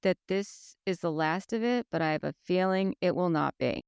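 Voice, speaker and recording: A woman in casual podcast chat with a smooth, clear voice. She recaps scenes in a chatty way, slipping into quoted lines, recorded close and dry. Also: lowish voice, normal speed, no room sound. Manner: chatty, retells scenes by quoting others in lively voices. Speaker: podcast co-host.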